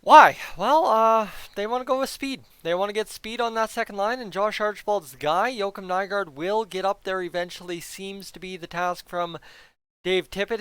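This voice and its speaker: A chatty man previewing a hockey game, talking straight to his viewers with easy energy. His voice sits high and comes through clean and smooth, close on the mic in a dry room. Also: a bit bright, no echo. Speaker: hockey YouTuber. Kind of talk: casual game preview commentary.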